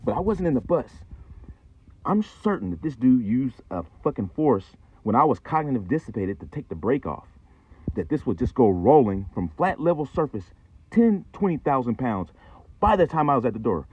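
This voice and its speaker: A man's voice: medium pitch, very animated, moderate pace, slightly rough, no echo. A man telling a rambling, profane, conspiratorial story in a casual vlog. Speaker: channel host. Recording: tinny phone-like sound.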